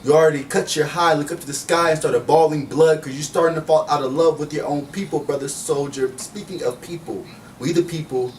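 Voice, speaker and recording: A man's voice: steady tone, brisk. Man, spoken word poet, rhythmic delivery, raised voice, distant mic, faint hiss. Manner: rhythmic declamation, drops low and soft in chat. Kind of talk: spoken word performance and casual chat.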